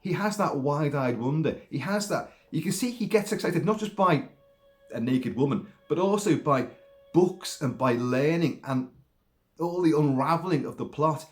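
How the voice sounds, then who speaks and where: A man talking casually about a film, rambling in an animated way with many restarts and put-on voices. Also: on the high side, normal speed, faint music behind. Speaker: film commentator.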